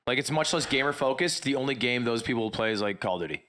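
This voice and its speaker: A man chatting on a casual podcast, laid-back and explaining in quick asides. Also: medium pitch, animated, fairly bright tone, slight background noise. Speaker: podcast co-host.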